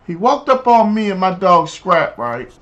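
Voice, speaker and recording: Animated, high-voiced male game streamer. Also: measured pace, muffled recording, very noisy. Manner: animated storyteller, slangy and chatty. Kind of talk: casual live-stream chat while gaming.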